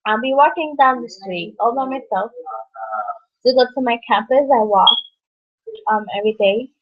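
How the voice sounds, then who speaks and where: A young woman vlogging about her life and her book in a halting, rambling way, full of fillers and restarts. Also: on the high side. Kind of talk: rambling personal vlog. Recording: dull lo-fi audio.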